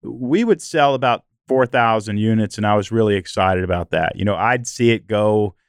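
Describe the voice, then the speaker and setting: Animated male podcast host, smooth clear voice. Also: on the low side, moderate pace, no room sound, clean studio sound. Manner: animated storytelling, frequent "you know" fillers. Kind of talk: conversational interview.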